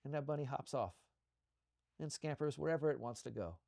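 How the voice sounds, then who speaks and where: A man co-hosting a show, leading a slow guided visualization with soothing, repetitive coaching cues. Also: mid-range voice, lively intonation, gravelly, dark tone, dry recording, clean studio sound.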